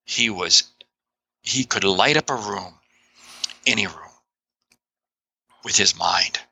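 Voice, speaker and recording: A man talking as a guest author in a podcast interview, animated and emphatic, with frequent exclamations. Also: lowish voice, slow, gravelly, husky, poor audio.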